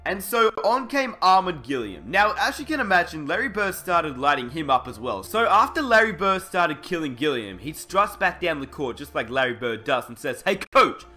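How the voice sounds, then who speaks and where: Bright, lively man narrating a sports story. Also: on the high side, moderate pace, few pauses, soft background music. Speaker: documentary narrator. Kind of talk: scripted narration.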